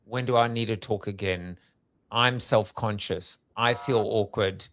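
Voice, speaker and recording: A man's voice: fairly low pitch, a little slow, fairly bright tone. Hesitant male podcast host. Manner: hesitant, restarts, thinks aloud. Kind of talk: conversational interview.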